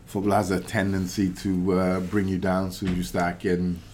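A man talking as a pundit in a casual podcast chat, measured and reflective with frequent fillers. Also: deep voice, completely flat delivery, darkish tone, a little hiss or hum. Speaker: pundit, former footballer.

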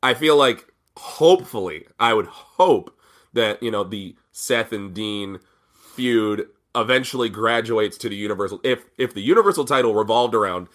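Bright-voiced man, halting and repetitive. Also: on the low side, expressive. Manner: halting, many restarts and repeated words. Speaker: podcast co-host. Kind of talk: casual wrestling chat.

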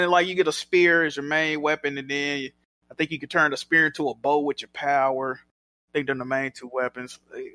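A man co-hosting a casual gaming podcast, excitable and joking, swearing freely. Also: a little high, no room sound. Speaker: podcast co-host.

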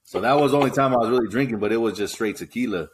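A man's voice: medium pitch, rapid-fire, slight background noise. A man in his thirties from California with a West Coast Chicano accent, co-hosting a podcast in a laid-back, casual chat and laughing often while he tells stories. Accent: West Coast Chicano English. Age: 30s. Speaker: podcast co-host.

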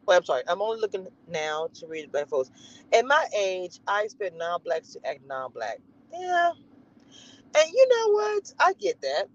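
A woman with a Southern US accent, chatting sassily and animatedly to her viewers on a livestream from her car. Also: mid-range voice. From Southern United States. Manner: animated, sassy, laughing. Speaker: livestream host. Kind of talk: casual livestream chat. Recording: dull lo-fi livestream audio.

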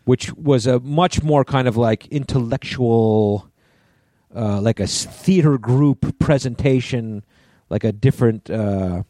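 Mellow-voiced man telling rambling stories. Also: medium pitch, measured pace, no room sound, clean studio sound. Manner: rambling storyteller with many restarts and profanity. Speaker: podcast co-host. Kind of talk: casual chat.

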